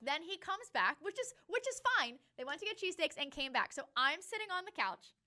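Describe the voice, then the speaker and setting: A young woman co-hosting a podcast, telling a story in a casual, animated way and acting out what people said. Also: high-pitched, fairly quick. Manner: animated, laughing, acts out quotes. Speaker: podcast co-host.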